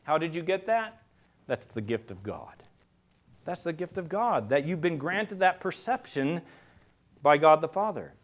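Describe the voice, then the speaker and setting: A man preaching a sermon. He swings from quiet, low passages to loud, emphatic peaks and asks the congregation rhetorical questions. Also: sing-song, measured pace. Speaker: pastor.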